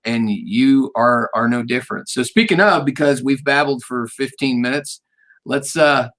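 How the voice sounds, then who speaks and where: A man's voice: medium pitch, normal speed, fairly bright tone. A man hosting a weekly live radio interview, talking in a rambling, friendly way. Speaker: radio show host. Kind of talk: casual interview chat.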